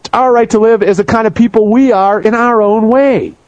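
A male talk-radio host who speaks in an angry, profane, shouting rant. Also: sits high, steady tone, a little fast, dry recording, lo-fi sound.

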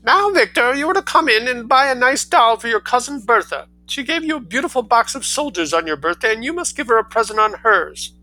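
A man reading a story aloud, voicing a large wealthy mother who talks in a penetrating, hurried, scolding way. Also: very high voice, very animated, pushed and bright, pitched above the performer's own voice, exaggerated voice, poor audio.

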